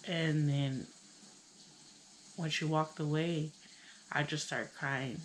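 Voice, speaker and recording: A young woman with a Chicano English accent, telling a personal story in a casual, halting way, full of "like" and "you know". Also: low-pitched, steady tone, a little hiss or hum, rough recording. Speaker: vlogger.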